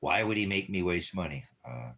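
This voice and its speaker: Here the ministry vlogger sounds low-pitched yet a bit bright, with lively intonation and a moderate pace. He wanders through a casual monologue about money and leaving town, interrupted by bursts of fond baby-talk to his dog.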